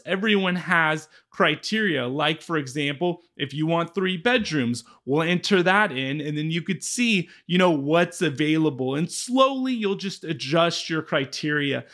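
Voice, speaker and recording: Chatty real estate agent, slightly high. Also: male voice, fairly bright tone. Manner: chatty, keeps checking in with "okay?". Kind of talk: casual explanatory walkthrough.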